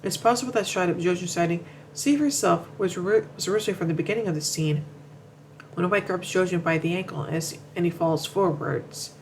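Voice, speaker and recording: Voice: mid-range voice, steady tone, brisk, a little hiss or hum, poor audio. A commentator reading a narration from notes, often stumbling, repeating words and restarting sentences. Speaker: show commentator.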